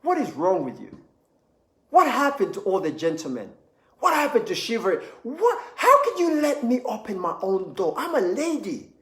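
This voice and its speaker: A man voicing a disappointed lady who complains in a low, quiet voice. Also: huge pitch swings, moderate pace, full character voice. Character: disappointed lady missing chivalry. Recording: echoey room.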